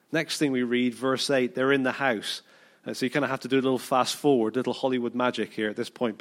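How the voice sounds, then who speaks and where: A British man delivers a sermon with lively storytelling, bringing the people in the story to life by acting out their words. His voice sits at an ordinary middle pitch, and he sometimes stumbles and repeats a word as he speaks. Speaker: preacher.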